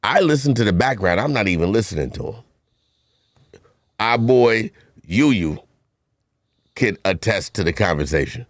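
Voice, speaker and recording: A man's voice: fairly low pitch, animated, moderate pace, long pauses, no echo. A man, co-hosting a podcast and trading teasing banter while telling stories on a studio mic. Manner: teasing, boastful storyteller. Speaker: podcast co-host. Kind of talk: casual banter.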